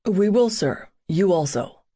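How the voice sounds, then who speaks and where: A woman's voice: lowish voice, expressive, measured pace, dark tone, husky. A woman voicing a confident, protective young male soldier in an audiobook, with a dry, teasing way of talking.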